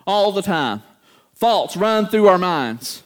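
Animated high-voiced preacher. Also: male voice, slow pace. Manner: animated, acts out quoted voices, talks to congregation. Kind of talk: sermon.

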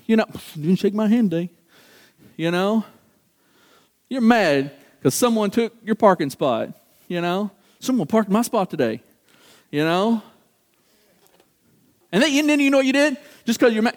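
A man preaching a sermon to a congregation, acting out everyday voices and asking the room questions. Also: very high voice. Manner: animated, acts out quoted voices, talks to congregation.

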